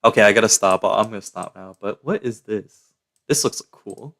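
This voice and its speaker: A man's voice: on the low side, moderate pace, fairly bright tone. A young man from Canada, chatting casually and slangily to his live-stream chat.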